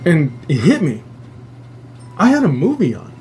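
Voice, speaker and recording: A male host tells a long story in a casual, rambling way, swearing freely and getting animated. His voice sits slightly high for a man, and a faint noise hums underneath. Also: unhurried. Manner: profane, rambling, animated retelling.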